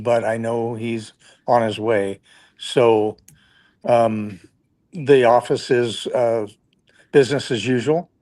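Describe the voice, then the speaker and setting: Man, election office staff, calm measured report, mid-pitched voice, dry sound, video call. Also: no echo. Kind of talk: guest update on a live show.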